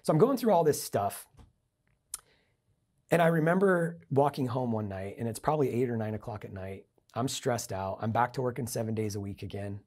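Middle-aged guy on a podcast, husky dark voice, tells stories and acts out the quotes. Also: mid-range voice, fairly quick. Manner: animated storyteller acting out quoted dialogue. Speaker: guest, entrepreneur and investor. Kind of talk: storytelling in a podcast interview.

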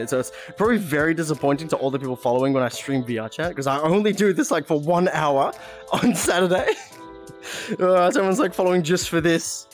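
A man's voice: on the high side, a little fast, soft background music. A young Australian man chatting casually on a live stream, laughing often and reading chat aloud.

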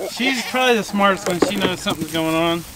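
A man's voice: very high-pitched, vocal fry. A man hosting a casual farm vlog, chatting easily to viewers and calling his animals while he moves around a camera set down nearby in a farm shop and goat pen. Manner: easygoing, chatty, calls to animals. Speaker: farm channel host. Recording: noisy farmyard with animals in the background.

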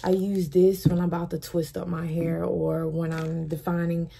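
A young woman chatting casually to camera in a beauty vlog, soft and relaxed, with slangy asides. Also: on the low side, moderate pace, gravelly, a little hiss or hum, rough recording. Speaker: beauty vlogger.

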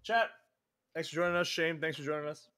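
A man's voice: a little high, fairly quick, bright, forceful tone. A man hosting a casual gaming stream, laughing often and swearing casually as he chats. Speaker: streamer host.

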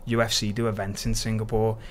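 A man from Liverpool with a Scouse accent, a podcast guest lively retelling his story with quoted dialogue and plenty of swearing. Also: fairly low pitch, a little fast, a little hiss or hum. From Liverpool, England. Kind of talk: casual storytelling interview.

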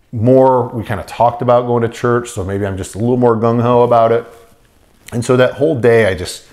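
A man's voice: fairly low pitch, vocal fry. A man sharing a personal faith testimony in an earnest, rambling storytelling way, full of fillers and restarts. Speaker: testimony speaker.

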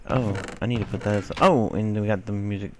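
A man's voice: lowish voice, steady tone, a little fast, slight background noise. A young man giving casual commentary over his gameplay, rambling to himself and swinging between mock whining and mumbling. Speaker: gaming video host.

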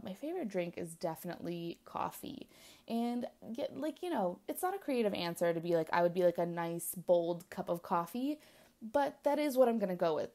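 A woman's voice: mid-range voice, warm tone. A young woman vlogger answering questions in casual chat, rambling with lots of fillers and small giggles. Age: young adult. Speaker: planner vlogger.

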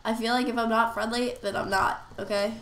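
A woman's voice: a little high, steady tone, brisk, fairly bright tone. A woman with a cold-stuffed nose giving casual gameplay commentary, chatting to herself as she plays. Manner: chatty, talks to herself while playing. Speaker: gamer. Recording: roomy echo, faint noise.

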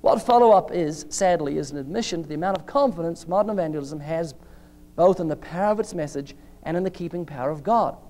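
A man's voice: on the high side, fast talker, warm tone. A man preaching a sermon in an emphatic style, acting out short dialogues with changing voices.

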